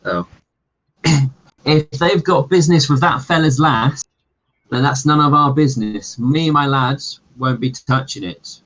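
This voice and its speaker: A man voicing a gruff male sailor gang leader who talks bluntly and dismissively. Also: mid-range voice, measured pace, a bit bright. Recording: dull lo-fi recording.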